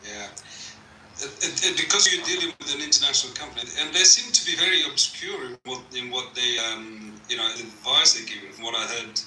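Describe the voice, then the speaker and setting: A man guest on a livestream, calmly giving advice with some halting starts. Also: mid-range voice, roomy sound, recorded from a distance, slight background noise, poor audio. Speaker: stream guest. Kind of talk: casual live-chat talk.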